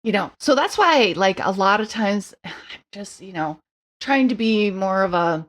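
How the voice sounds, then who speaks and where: A middle-aged woman, a podcast guest, telling her story in casual chat with animated asides and quick mimicked voices. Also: medium pitch.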